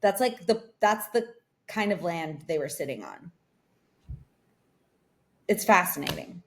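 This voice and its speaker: With a lowish, expressive voice at a measured pace, a young woman co-hosts a podcast remotely, and a little hiss or hum sits under the audio. She wanders through a long story in casual talk, filling it with "like."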